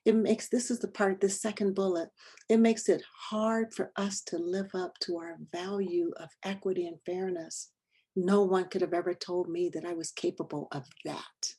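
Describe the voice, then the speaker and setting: A middle-aged woman presenting a lesson, telling a personal story in an animated way, acting out dialogue and dropping to whispers. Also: on the low side, normal speed, breathy edge.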